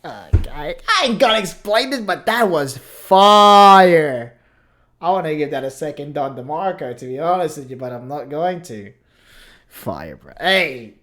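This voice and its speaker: A woman's voice: low voice, expressive, unhurried. A woman hosting a reaction video, giving laid-back, slangy commentary and laughing often. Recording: loud rap music playing behind. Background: hip hop music.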